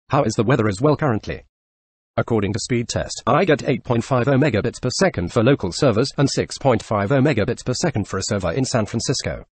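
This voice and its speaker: A male text-to-speech robot voice reading forum questions and answers in an even, synthetic way. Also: medium pitch, slightly rough, no room sound. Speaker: video narrator. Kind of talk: reading forum posts aloud.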